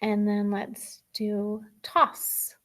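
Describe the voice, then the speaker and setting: Slow, patient woman teaching phonics. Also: medium pitch, completely flat delivery, a bit bright. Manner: slow, patient, thinking aloud while writing. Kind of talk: recorded phonics lesson for children.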